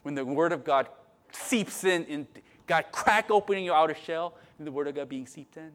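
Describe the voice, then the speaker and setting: A middle-aged man preaches a sermon in a chatty, conversational way, with a voice pitched a bit high for a man. He keeps checking in with "right?", drops to soft asides, then climbs into loud, emphatic stretches. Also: moderate pace. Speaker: pastor.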